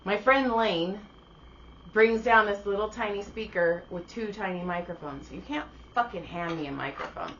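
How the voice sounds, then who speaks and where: A woman co-hosting a podcast, telling a story in casual chat, animated and profane, slipping into voices for the people she quotes. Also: medium pitch, normal speed, highs cut off, slight background noise. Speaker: podcast co-host.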